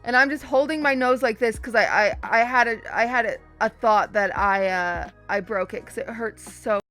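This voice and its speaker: A young woman streamer telling her chat a story in a casual, animated way, often restarting and repeating words. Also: fairly high pitch, normal speed, faint music behind.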